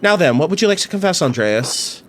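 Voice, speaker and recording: Stern, pious priest at confession with a lively rise and fall, read by a man. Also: high voice, fairly quick, a little hiss or hum, pitched above the performer's own voice. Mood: grave. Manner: grave, admonishing. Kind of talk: reading game dialogue aloud.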